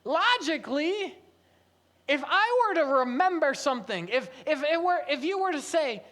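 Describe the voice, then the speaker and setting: A man's voice: very high voice, big pitch swings, moderate pace, sharp tone. A man giving a sermon as pastor, telling a family story conversationally with light humor.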